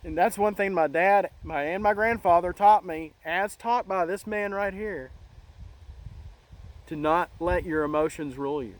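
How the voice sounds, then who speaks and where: A middle-aged man hosting a casual monologue, talking in an earnest, halting way with many restarts. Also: high-pitched, no echo, low-quality recording. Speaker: channel host.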